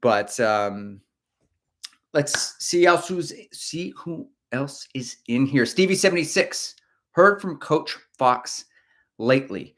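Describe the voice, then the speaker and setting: A man's voice: mid-range voice, expressive, slow, a bit bright. Brief: middle-aged male streamer, casual, chatty, reads comments aloud. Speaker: host of a running livestream. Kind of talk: casual livestream chat.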